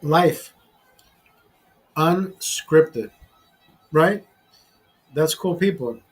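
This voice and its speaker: A middle-aged man telling rambling, profanity-laced stories in a casual vlog, pausing and restarting as he talks. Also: fairly high pitch, husky, poor audio. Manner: profane, rambling, animated storyteller. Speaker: vlogger. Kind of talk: casual storytelling over a beer.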